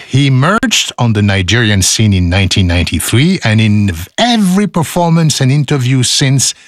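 A man reading a radio script in a mid-range voice with an extremely expressive, rising-and-falling intonation, teasing between lines. The recording is dry and close-miked. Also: mid-range voice, no room sound. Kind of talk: script reading and studio banter.

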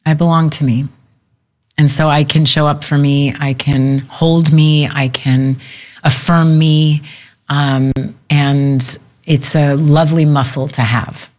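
A woman's voice: low voice, flat delivery, takes it slowly, darkish tone. A woman in her fifties talking as a guest in a candid conversation, reflective and earnest, laughing easily. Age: 50s.

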